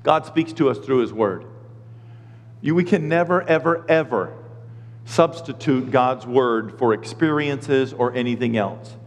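A middle-aged man preaching a sermon as pastor, animated and acting out the voices of people and God. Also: mid-range voice, measured pace, long reverb tail.

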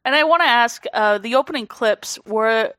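A woman's voice: on the high side, normal speed, a bit bright. A woman guest in casual podcast chat who giggles often and hesitates as she talks.

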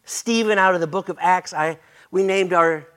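An older man preaching a sermon as pastor, folksy and joking, his voice a little hoarse and breaking. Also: sits high, moderate pace, a bit bright.

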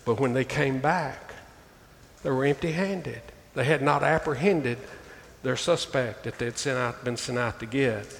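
A man's voice: mid-range voice, unhurried, gravelly. Man preaching in a reverberant church. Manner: preaching, reading scripture aloud with emphatic rises; addresses listeners as "folks". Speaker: pastor. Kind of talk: sermon. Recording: long reverb, faint ambient noise.

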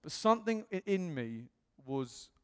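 A man preaching, telling a personal story with animated delivery and self-mocking humor, acting out what others said. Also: a little high, measured pace, clear, resonant tone. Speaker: pastor. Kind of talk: personal testimony sermon. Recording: long reverb in a hall.

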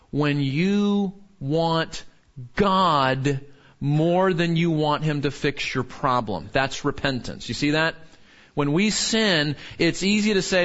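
A man preaching a sermon in an earnest way, rising high when he quotes and dropping low when he turns somber. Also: animated, slow pace, a bit bright, highs cut off. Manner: earnest, rises sharply when quoting and falls low when somber. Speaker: pastor.

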